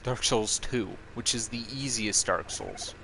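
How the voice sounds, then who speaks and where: A man on a stream rambles casually through viewers' chat, answering with strong opinions and plenty of fillers. His medium-pitched voice is bright and unhurried with a forceful tone, and there is slight background noise.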